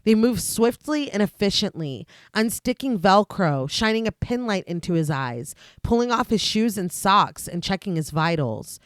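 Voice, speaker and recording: A woman podcast host reading a steady, scripted recap of a film's plot, with dry asides. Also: mid-range voice, normal speed, few pauses, no echo.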